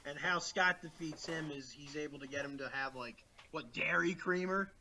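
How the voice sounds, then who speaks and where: A man's voice: on the high side, normal speed, a crowd in the background. A man co-hosting a podcast, chatting casually about movies, rambling with lots of fillers and restarts over a remote call. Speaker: podcast co-host. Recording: remote call, poor audio.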